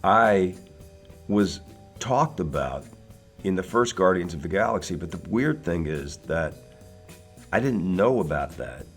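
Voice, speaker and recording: A Philadelphia actor in his sixties, appearing as a guest, tells casual, rambling anecdotes full of fillers and laughs. His low-pitched voice is animated yet measured, with long pauses, and faint music plays behind him.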